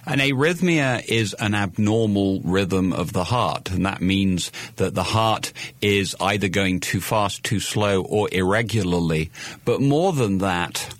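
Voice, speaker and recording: A middle-aged British man giving a measured, explanatory radio interview as a guest cardiologist. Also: deep voice, no room sound. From Britain. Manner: measured, explanatory, repeats words when starting.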